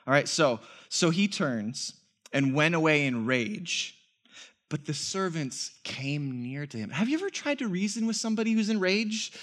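Animated high-voiced male pastor preaching. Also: moderate pace. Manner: animated preaching, rhetorical questions, quoting scripture in character. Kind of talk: sermon.

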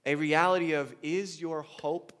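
A man in his thirties preaching a sermon, swinging from hushed, intimate lines to loud, urgent ones. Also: on the high side, steady tone, measured pace. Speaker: pastor.

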